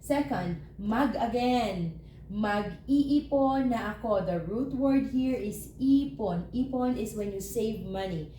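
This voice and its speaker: Filipino-accented woman teaching, mellow and roomy. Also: fairly high pitch. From Philippines. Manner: slows down to spell out example phrases. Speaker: language teacher. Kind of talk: language lesson. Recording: roomy echo, faint room noise.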